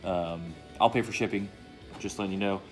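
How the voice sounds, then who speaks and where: A man sits in his home basement bar and talks through a beer review, loose and easygoing. His voice sits a little low, and his words come out upbeat and peppered with casual swearing. Faint music plays in the background. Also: steady tone, moderate pace. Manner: laid-back, enthusiastic, swears casually.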